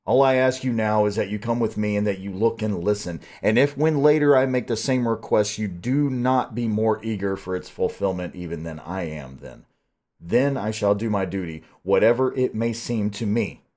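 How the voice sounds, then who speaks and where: A man reading the part of a grave, stern old professor who pleads with measured weight. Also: fairly low pitch, a little mellow, close to an everyday voice. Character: grave old male Dutch professor, stern yet tender. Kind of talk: audiobook reading.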